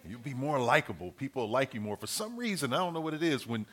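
A middle-aged man delivers a sermon in an earnest, conversational way. He counts through his points and repeats each key phrase for emphasis. His voice sits in an ordinary middle pitch. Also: very animated, quick pace, fairly bright tone. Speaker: preacher.

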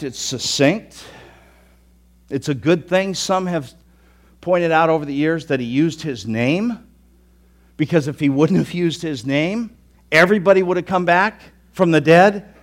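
A man preaching a sermon, telling the story with animation, acting out quoted thoughts and swinging from loud declarations to hushed asides. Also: fairly high pitch, measured pace, pauses often. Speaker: pastor.

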